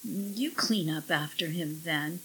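A woman's voice: mid-range voice, sing-song, slow pace, bright, forceful tone, a little hiss or hum, exaggerated voice, rough recording. A woman voicing a tart, impatient young wife. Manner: curt and tart. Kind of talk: audiobook character voice.

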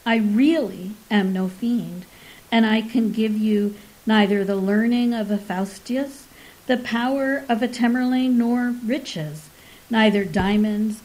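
An urbane male professor and time traveler, polite and formal, speaking slowly, as a woman reading a story puts him on. His manner is refined even when flustered. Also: on the high side, rough recording.

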